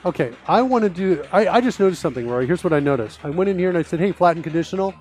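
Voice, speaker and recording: A man's voice: high-pitched, lively intonation, racing, darkish tone. A middle-aged man hosting a live coding stream, talking casually and rambling with many fillers. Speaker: host.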